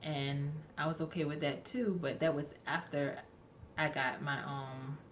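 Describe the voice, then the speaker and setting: A young woman with a low voice tells a rambling storytime straight to her viewers, stopping often to correct herself. Her talk is casual and chatty. A faint hum of room ambience sits behind her. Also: fairly even intonation, measured pace. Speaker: vlogger.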